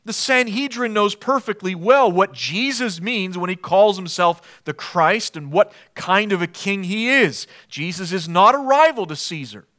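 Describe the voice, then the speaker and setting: Bright, high-voiced earnest male preacher. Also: lively intonation, measured pace, few pauses. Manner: earnest, emphatic, asks rhetorical questions. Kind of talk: expository sermon.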